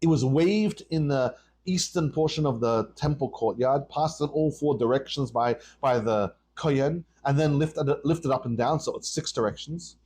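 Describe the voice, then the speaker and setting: A man, a rabbi, teaching a Torah lesson on a podcast and telling the story with lively call and response. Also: mid-range voice, moderate pace, a little hiss or hum.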